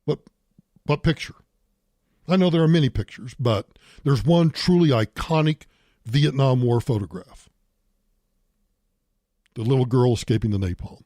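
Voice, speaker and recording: A man's voice: mid-range voice, unhurried, pauses often, warm tone, no echo, studio quality. An older man hosting a talk show, delivering an emphatic political monologue and repeating points for stress. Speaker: radio talk show host.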